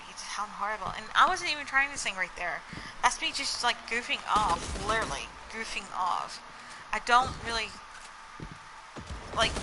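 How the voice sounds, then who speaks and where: She's a young woman vlogging to camera, her medium-pitched voice set against background noise. The chat rambles along with lots of "like" and "you know," punctuated by snatches of song while she tells stories.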